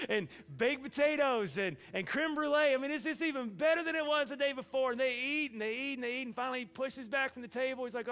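A man's voice: very high voice, fairly quick, gravelly, a bit bright. A man from Alabama, preaching a sermon in a folksy, humorous storytelling way. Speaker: pastor.

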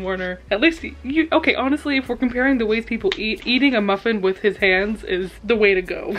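Young woman book vlogger, super excitable and dramatic, laughs a ton while reading. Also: on the high side, moderate pace. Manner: excitable and dramatic, laughs often, gushing asides. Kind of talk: casual reading reaction vlog.

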